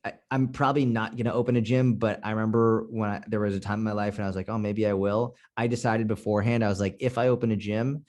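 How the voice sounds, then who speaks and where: A blunt man from Boston speaks in a fairly low voice. He talks candidly on a casual podcast and swears freely. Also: level tone, quick pace, hardly any pauses, darkish tone. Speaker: podcast guest, fitness coach.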